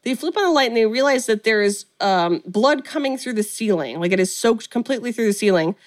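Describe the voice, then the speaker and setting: A woman's voice: a little high, a little fast. Woman retelling a movie plot to a friend, chatty, keeps saying like, acts out lines. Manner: animated storytelling, acts out quotes, frequent "like". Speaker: podcast co-host recapping a film. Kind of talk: casual chat.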